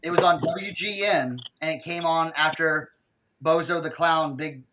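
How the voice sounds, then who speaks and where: A man co-hosting a casual group chat, speaking emphatically and loudly. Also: a little high, a little slow, recorded from a distance, noisy background. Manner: emphatic, loud. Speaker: co-host.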